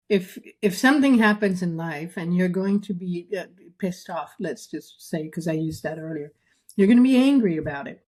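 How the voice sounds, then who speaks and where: A woman's voice: mid-range voice, warm tone. A woman co-hosting a podcast, thinking aloud in casual chat with hedges and fillers.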